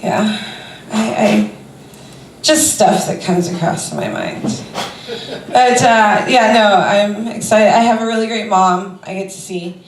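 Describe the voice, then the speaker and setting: A woman performs stand-up at mid pitch, wandering loosely from thought to thought with plenty of ums and uhs. Her voice carries a roomy club echo and sounds set back from the microphone. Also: animated, slow, far from the mic, a little hiss or hum. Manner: rambling, conversational, with many fillers. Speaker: stand-up comedian. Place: comedy club stage before a crowd.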